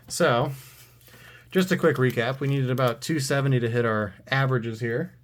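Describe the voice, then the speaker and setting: A man's voice: mid-range voice, brisk. A man giving casual, sarcastic commentary while opening trading card packs on his channel. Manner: dry, sarcastic.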